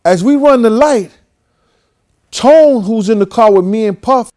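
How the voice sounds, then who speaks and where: With a somewhat dark tone, a high-voiced male host recounts a long story at a measured pace, his pitch ranging widely. He keeps it casual and expressive, cursing freely and acting out other people's dialogue.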